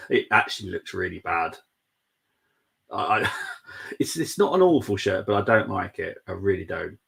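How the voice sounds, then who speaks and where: A man's voice: fairly low pitch, gravelly, fairly bright tone, husky. A young man hosting a live football watchalong stream, chatting casually and reading out viewer messages. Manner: chatty, reads out viewer messages, laughs often.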